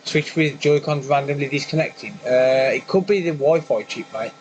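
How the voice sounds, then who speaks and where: A man's voice: mid-range voice, normal speed, highs cut off, slight background noise. A man chatting casually on a live repair stream, joking, swearing and answering his chat as he works.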